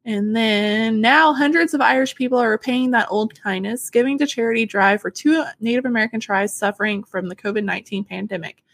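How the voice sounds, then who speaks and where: A woman's voice: fairly high pitch, fairly quick, hardly any pauses, no echo. Emotional, giggly woman on a dry, close mic. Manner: warm, emotional and giggly, tears up easily. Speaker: podcast co-host. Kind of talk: casual chat with read-out news.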